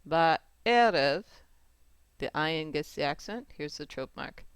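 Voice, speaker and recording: A teacher calmly explaining Torah chanting marks, repeating each rule and checking in with the learner. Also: medium pitch, slow pace, smooth, dry recording. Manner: patient, repeats rules and checks with "right?". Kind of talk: step-by-step lesson with sung examples.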